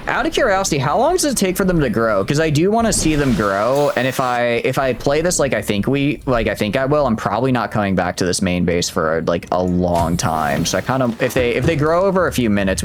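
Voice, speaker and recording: Here a man's fairly low-pitched voice comes through with slight background hiss or hum. Commenting casually on the game he's streaming, he chats, wanders off topic, and keeps interrupting his own thoughts.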